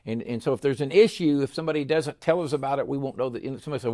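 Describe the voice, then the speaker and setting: A man's voice: medium pitch, rapid-fire, darkish tone. A man, a school superintendent hosting a casual chat, rambling and repeating words. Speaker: school superintendent, show host.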